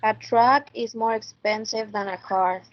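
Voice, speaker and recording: A woman student slowly reading example sentences aloud in an online class. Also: fairly high pitch, fairly even intonation, lo-fi sound.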